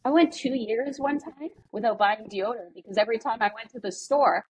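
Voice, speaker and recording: A woman's voice: on the high side, a little fast, a little hiss or hum, rough recording. Candid, foul-mouthed woman telling her story. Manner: swears freely, animated, acts out quoted people. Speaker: guest.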